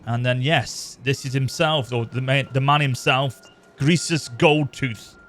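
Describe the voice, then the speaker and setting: A man's voice: medium pitch, steady tone, unhurried, a bit bright, slight background noise. A man giving casual, rambling commentary over a strategy game. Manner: chatty, rambling, self-correcting. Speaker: gaming channel host. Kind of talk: casual let's-play commentary.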